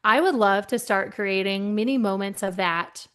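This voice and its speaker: A middle-aged woman, a guest speaker, telling animated anecdotes in conversation and acting out the voices of the people in them. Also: mid-range voice, normal speed, clean tone. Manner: lively, acts out voices in her anecdotes.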